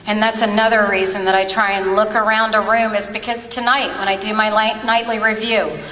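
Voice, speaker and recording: A woman's voice: medium pitch, little pitch movement, fairly quick, fairly bright tone, far from the mic, a little hiss or hum. A woman in her forties, originally from Ohio, giving a heartfelt personal testimony as a convention speaker at a podium microphone. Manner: earnest, emotional storytelling. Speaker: twelve-step convention speaker. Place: large convention hall. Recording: echoey convention hall.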